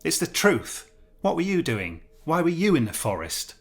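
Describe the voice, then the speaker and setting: A man's voice: a little high, big pitch swings, moderate pace. A man voicing an anxious, pompous male schoolteacher held prisoner, pleading in an earnest, prim way in a story reading. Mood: defensive.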